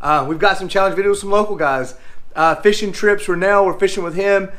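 Brisk, high-voiced, and fairly bright in tone, a middle-aged man from a fishing channel addresses viewers directly in a homey, upbeat style. The setting is a casual cooking vlog shot in his home kitchen.

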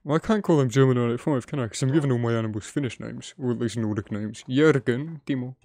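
A young man giving casual gameplay commentary, excitable and swearing often, chatting to his in-game animals. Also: mid-range voice, quick pace, slight background noise. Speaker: gaming video creator. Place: home editing room.

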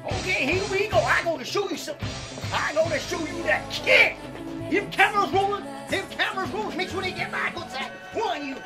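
A performer playing a cocky, foul-mouthed young boxer who taunts and shouts in a comedy sketch. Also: male voice, very high-pitched, fairly quick, over music.

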